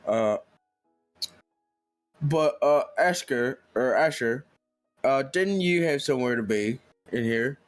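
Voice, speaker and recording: Rich: A man playing a tabletop game who keeps asking wry questions about what is going on. His voice is mid-pitched, with faint music behind him. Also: lively intonation, slow, pauses often. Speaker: player. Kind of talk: casual tabletop game chat.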